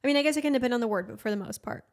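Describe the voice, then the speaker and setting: A woman's voice: a little high, animated, rapid-fire, gravelly. A young woman from Argentina, native Spanish speaker, co-hosting a podcast and explaining things patiently. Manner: explains things patiently, thinks aloud with fillers. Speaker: podcast co-host. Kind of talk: casual chat.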